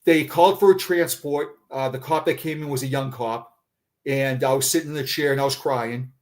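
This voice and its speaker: A middle-aged man, a retired police officer, telling a personal story in conversation, halting and often repeating words. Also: mid-range voice, fairly even intonation.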